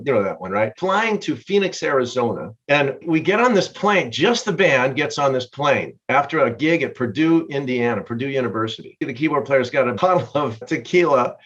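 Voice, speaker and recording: Older man telling a lively road story. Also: a little high. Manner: lively storyteller, laughs mid-sentence. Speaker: guest musician. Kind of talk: casual storytelling interview. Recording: dull lo-fi sound.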